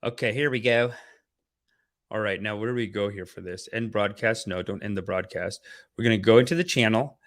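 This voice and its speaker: A man's voice: lowish voice, fairly quick, fairly bright tone. A young man hosting a livestream, chatting casually and rambling playfully while talking to his viewers. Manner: rambling, playful, talks to chat. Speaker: livestream host.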